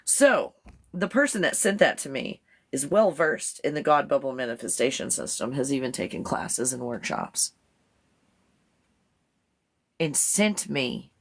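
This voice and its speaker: Woman, live-stream host, rambling casual talk, slightly low voice, quick to laugh. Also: slightly rough. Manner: chatty, rambling, laughs often.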